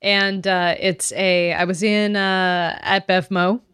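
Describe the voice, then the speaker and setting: A woman co-hosting a podcast in casual chat, playful and quick to laugh, talking into a studio microphone. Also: medium pitch, level tone, fairly bright tone, clear, resonant tone, no room sound. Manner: bubbly, laughs often, playful. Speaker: podcast co-host.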